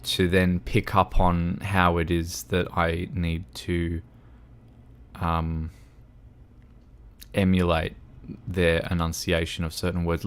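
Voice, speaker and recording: A man's voice: sits low, completely flat delivery, slow, long pauses, clear, resonant tone. A young man chatting with his livestream viewers while playing a game, rambling and often restarting his sentences. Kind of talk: casual chat with livestream viewers while gaming.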